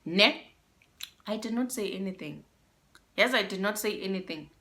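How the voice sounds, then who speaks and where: Lively South African woman telling a story. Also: medium pitch, moderate pace. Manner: animated, mixes in isiXhosa phrases, addresses viewers as guys. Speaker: YouTuber. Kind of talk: casual storytime vlog.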